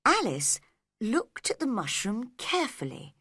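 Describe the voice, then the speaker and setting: A woman narrating a storybook read-along for English learners in a clear, slow, deliberate way. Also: fairly high pitch, wildly swooping pitch, sharp tone, no room sound, studio quality.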